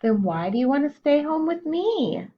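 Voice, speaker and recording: Lady doing a scared little raccoon boy, high squeaky pleading voice, kinda muffled audio. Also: sing-song, moderate pace. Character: frightened young male raccoon cub.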